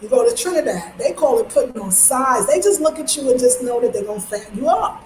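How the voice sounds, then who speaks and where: A lively woman from New York talks straight to her viewers in a loose, slangy vlog chat. Her voice sits a little high, and she keeps jumping into squealing impressions of other people. The sound rings in an echoey room with a faint hum of ambience behind her. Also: brisk. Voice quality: animated, slangy, jumps into high mimicking voices. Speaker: vlogger.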